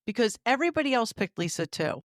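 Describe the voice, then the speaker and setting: A woman's voice: on the high side, very animated, quick pace, no echo, studio quality. A woman co-hosting a casual podcast, sharing opinionated takes and agreeing with her co-host. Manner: opinionated, agreeing and giving her own take. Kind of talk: casual chat.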